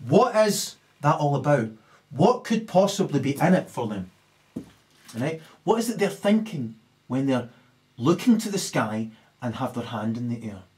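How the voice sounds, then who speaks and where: A man's voice: medium pitch, big pitch swings, a little slow, a little mellow. A man in a rambling, ranting monologue, constantly tagging his points with questions. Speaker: commentator.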